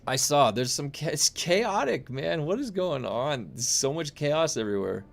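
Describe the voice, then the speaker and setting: A man's voice: medium pitch, animated, moderate pace, vocal fry. A young adult man streaming, chatting casually with viewers in a rambling way full of fillers and restarts. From United States. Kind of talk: casual chat reading viewer comments.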